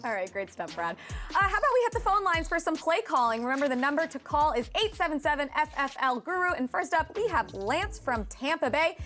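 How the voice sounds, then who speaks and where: A woman's voice: high-pitched, big pitch swings, fairly quick, a bit bright, soft background music. A woman hosting a sports call-in segment in an upbeat, playful way. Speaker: show host.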